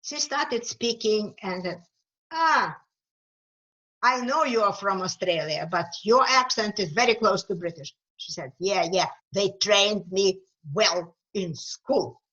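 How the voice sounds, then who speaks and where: Slow-talking woman, East European accent. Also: mid-range voice, fairly bright tone, highs cut off. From Ukraine. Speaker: author and guest speaker. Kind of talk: webinar talk.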